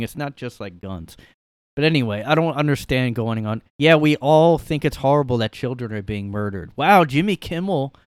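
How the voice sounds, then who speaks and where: A man's voice: mid-range voice, clean tone, no room sound, clean studio sound. A man hosting a casual solo podcast from his room, ranting sarcastically and rambling through his opinions. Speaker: podcast host.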